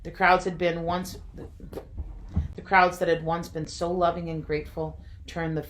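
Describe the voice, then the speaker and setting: Low-voiced woman reading a devotional story. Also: little pitch movement, normal speed, slight background noise. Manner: reflective, with wry joking asides. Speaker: reader of a devotional reflection. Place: home.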